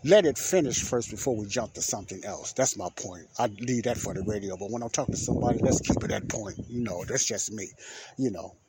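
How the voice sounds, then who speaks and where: A man's voice: brisk, noisy background. A middle-aged man hosting a podcast, telling a personal story in a rambling, repetitive way and acting out the quoted dialogue. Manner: rambling, repeats phrases, acts out quoted dialogue with raised pitch. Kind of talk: casual storytelling monologue.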